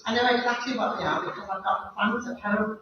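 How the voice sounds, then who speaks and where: A man with a fairly high voice presses his point at a council meeting, cutting in and repeating himself. He is far from the microphone in an echoey room, with dull sound and a light hiss. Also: steady tone, quick pace, a crowd in the background. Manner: insistent, interrupting, repeats himself. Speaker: member of the public at a council meeting. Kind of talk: public comment and debate at a meeting.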